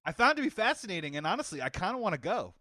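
A man's voice: high voice, sing-song, racing, sharp tone, no room sound, clean studio sound. A man hosting a casual movie podcast, upbeat and often laughing, stretching words out for emphasis. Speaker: podcast host.

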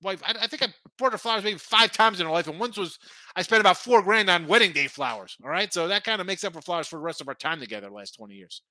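A man's voice: sits high, lively intonation, fast talker, bright, forceful tone, no room sound. Middle-aged male betting host, rambling and opinionated, dry close sound. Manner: rambling, opinionated, with frequent restarts. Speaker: sports betting show host. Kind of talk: casual sports betting talk.

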